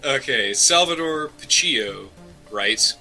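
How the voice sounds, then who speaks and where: Brief: man, sarcastic co-host, very bright sharp tone, faint music behind. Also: medium pitch, lively intonation, slow pace, gravelly, poor audio. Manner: sarcastic, joking. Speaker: podcast co-host. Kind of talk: casual comedic chat. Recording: faint music bed underneath.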